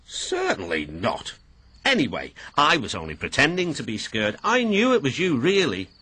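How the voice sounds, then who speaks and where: Brief: British man voicing a plucky little tank engine, calm, a bit proud. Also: medium pitch, moderate pace, slightly rough, exaggerated voice. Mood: defensive. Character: cheeky, proud young male tank engine.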